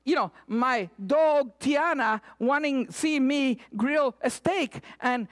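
A woman preaching a sermon, retelling scripture with animated asides and acted-out cries. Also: sits high, slow. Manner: animated, acts out voices and cries.

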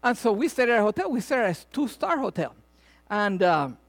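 A man's voice: high-pitched, a little fast. A middle-aged man preaching a sermon, telling a funny personal story and acting out the people in it before turning to his message. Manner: animated storyteller, laughs often, acts out voices. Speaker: pastor. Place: church or venue with audience, also filmed.

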